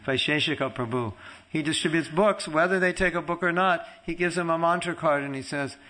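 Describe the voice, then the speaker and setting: A man teaching a devotional class in a conversational way, telling stories and quoting others, at times softly repeating a chanted mantra. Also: a little high, a little fast, rough recording. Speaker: spiritual teacher giving a class.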